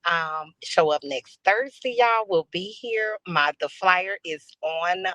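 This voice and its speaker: A woman's voice: on the low side, takes it slowly, sharp tone, no echo. A woman co-host giving a polite, apologetic outro on a live stream.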